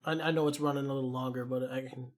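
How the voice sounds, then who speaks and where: A man's voice: medium pitch, rapid-fire. Profane, rambling man with a Chicago accent. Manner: rambling, profane, animated storyteller. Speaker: podcast co-host. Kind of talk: casual storytelling chat.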